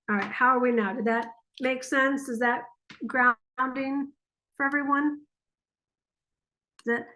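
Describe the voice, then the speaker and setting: A woman giving a chatty live coaching talk to an online group, encouraging and acting out inner voices in quick asides. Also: a little high, a bit bright. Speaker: spiritual business coach.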